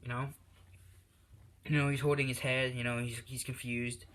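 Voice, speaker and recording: Rambling man with a bright voice. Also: mid-range voice, steady tone, normal speed, long pauses. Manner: rambling, full of fillers. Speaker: storyteller. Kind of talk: improvised fan story narration. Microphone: tablet.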